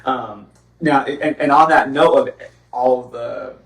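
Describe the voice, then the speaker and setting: A man's voice: medium pitch, takes it slowly, gravelly, fairly bright tone, roomy sound, distant mic, rough recording. A man hosting a podcast in casual chat, talking in loose, rambling sentences with many restarts. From Arizona's Gila Valley. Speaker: podcast host.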